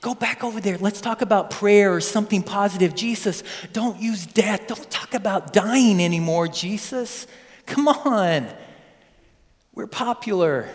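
A preacher voicing an excitable, fame-hungry male disciple who brags and pleads in a raised voice. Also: unhurried. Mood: hushed pleading. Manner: high, breathless bragging and pleading. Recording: long hall reverb.

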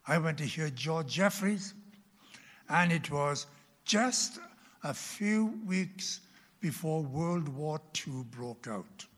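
Old male preacher, bright but husky voice, dramatic whispers, long hall echo. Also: a little high, animated. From Wales. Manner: slow, dramatic, drops to a whisper for emphasis. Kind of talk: sermon with storytelling.

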